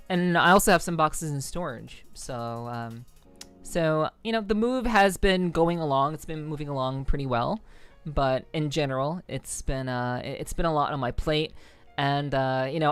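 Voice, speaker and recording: Smooth-voiced rambling young woman streamer. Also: sits low, dry recording. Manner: rambling, frequent restarts. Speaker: live streamer. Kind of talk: casual chat with viewers.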